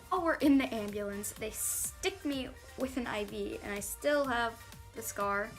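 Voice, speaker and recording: Young woman, storytime vlogger, fairly high voice, animated, faint music behind. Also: normal speed. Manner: animated storytelling, quoting others in acted voices. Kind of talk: storytime vlog. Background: faint background music.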